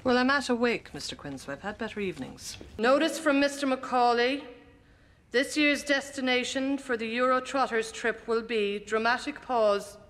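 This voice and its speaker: A woman playing a deadpan, withering nun. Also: a little high, normal speed, slight background noise, lightly acted. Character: sardonic middle-aged nun headmistress. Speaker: school headmistress. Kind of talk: broadcast sitcom acting.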